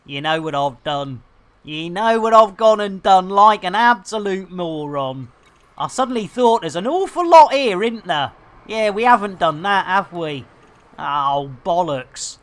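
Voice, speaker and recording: A woman's voice: lowish voice, lively intonation, measured pace. A woman, chatting casually and self-mockingly while streaming a game, laughing and swearing mildly. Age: 50s. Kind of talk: casual live-stream chat.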